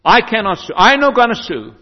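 A man voicing a flustered immigrant man who speaks in halting broken English, pleading and excitable. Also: sits high. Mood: anxious. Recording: dull echoey hall recording.

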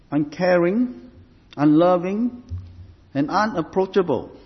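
A man preaching a sermon in a slow, measured way, often repeating phrases as he builds a point. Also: high-pitched. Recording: dull sound with long hall reverb.

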